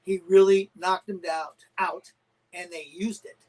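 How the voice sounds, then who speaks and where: A middle-aged man, a karate champion guest, telling animated stories and acting out quotes in a casual interview. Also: sits high, a little slow, poor audio. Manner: animated anecdotes with acted-out quotes.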